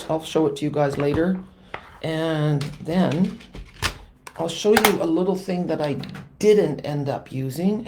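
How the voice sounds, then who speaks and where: A woman's voice: deep voice, mellow, a little hiss or hum. A woman hosting a live card-stamping tutorial, chatting with viewers and teasing herself about her mistakes as she works. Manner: chatty and self-deprecating, greets live commenters. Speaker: stamping demonstrator and channel host.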